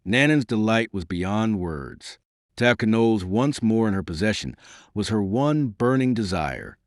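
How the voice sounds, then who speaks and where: Reading a novel aloud, a male audiobook narrator takes a measured, expressive storytelling approach to the script. His lowish voice is recorded at studio quality without any room sound.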